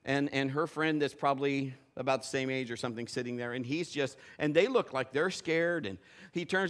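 A man's voice: fairly high pitch, a little fast, fairly bright tone. A middle-aged man, a pastor, telling a funny story in a sermon and acting out the voices, laughing often.

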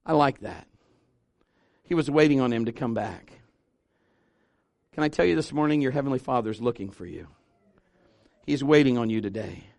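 A male pastor in his fifties preaching to his church, swinging from loud exhortation to quiet, intimate asides with humor. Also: mid-range voice, normal speed, vocal fry, long pauses, no room sound. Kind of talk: sermon. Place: church sanctuary.

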